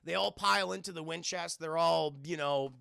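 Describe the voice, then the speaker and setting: A man walks his live chat through a film scene by scene, swearing freely and jumping into the characters' lines. His voice sits high and comes across bright and pressed. It is heard close and dry, with no room around it. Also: moderate pace, gravelly, clean tone, no room sound. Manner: animated, profane, acts out character lines. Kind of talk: casual scene-by-scene film recap.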